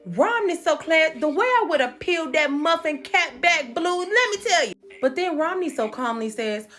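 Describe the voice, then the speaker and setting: A woman hosting a comedic recap, telling the story in a sassy, animated way with swearing asides. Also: high voice, normal speed, few pauses, faint music behind.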